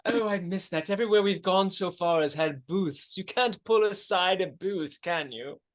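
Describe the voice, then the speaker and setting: Nz guy doing a high-voiced, fussy, chivalrous date guy, prim about his water order, improv bit. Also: moderate pace, lightly acted. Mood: prim, eager. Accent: New Zealand. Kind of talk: improvised stage comedy.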